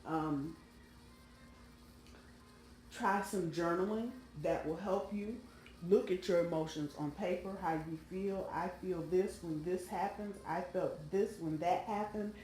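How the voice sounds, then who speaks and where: Woman, tarot reader, lowish voice, chatty and emphatic, phone mic, echoey room. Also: slow, darkish tone, a little hiss or hum. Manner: chatty, rambling, emphatic direct address. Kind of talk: casual tarot reading to viewers. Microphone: phone microphone.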